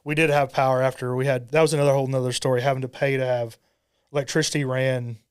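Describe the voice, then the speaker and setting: Clear-voiced man spinning a story. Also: mid-range voice, level tone, fast talker. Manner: storyteller acting out quoted dialogue. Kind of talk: casual podcast chat. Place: podcast studio.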